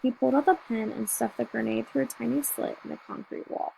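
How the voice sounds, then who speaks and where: A woman reading a novel aloud in first person, telling the story in a steady, measured way. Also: a little high, gravelly, a little hiss or hum, rough recording. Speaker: audiobook reader.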